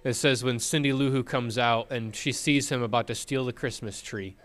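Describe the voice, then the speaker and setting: A male preacher retells a scripture story as a sermon. He slows for dramatic pauses and puts rhetorical questions to his listeners. His voice sits in an ordinary middle pitch. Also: fairly even intonation, a bit bright.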